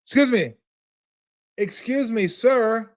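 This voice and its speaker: A man putting on a shrill, insistent boarding agent. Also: slow pace. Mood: insistent politeness. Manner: repeating a clipped, courteous call. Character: polite, insistent airline boarding agent chasing a passenger.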